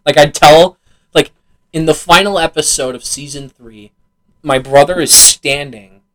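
A man's voice: medium pitch, fairly bright tone, low-quality recording. A young man co-hosting a casual podcast about video games, laughing often, swearing freely and acting out game dialogue. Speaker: podcast co-host.

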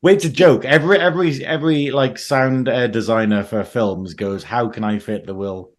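Male co-host, lively, swears freely, acts out quotes. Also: mid-range voice, moderate pace. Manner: animated, swears, acts out quotes in silly voices. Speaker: podcast co-host. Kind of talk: casual chat.

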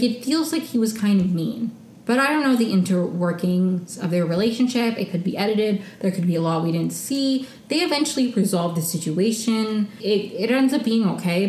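A woman's voice: medium pitch, mellow, reverberant, slight background noise, rough recording. A young woman hosting a casual solo recap podcast, chatty and opinionated, with frequent "like" fillers. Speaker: podcast host recapping reality TV.

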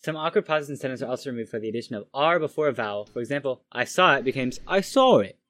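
A man with a medium-pitched voice, pushed and bright, reads a pronunciation guide aloud to friends in a casual way, halting and restarting as he goes. There is no echo.

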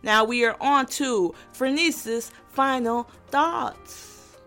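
Brash young woman with a higher voice. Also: soft background music. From Gary, Indiana. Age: young adult. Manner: brash, profane and animated, quick to tease. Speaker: podcast host. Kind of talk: casual comedic monologue.

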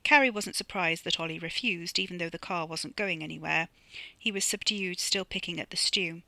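A woman's voice: fairly low pitch, normal speed, sharp tone, no echo. Woman reading her own audiobook. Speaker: author reading her novella. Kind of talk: audiobook narration.

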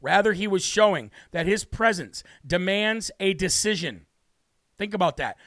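A high, bright-toned man hosting a talk show, delivering a brash and emphatic monologue in a preachy way. His voice sits in a dry, close sound with no room around it. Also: lively intonation, moderate pace, dry recording. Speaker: political talk show host. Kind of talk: opinionated monologue with scripture reading.

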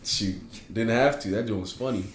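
A man co-hosting a casual podcast chat, teasing and quick with jokes. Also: lowish voice, crowd noise. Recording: roomy room.

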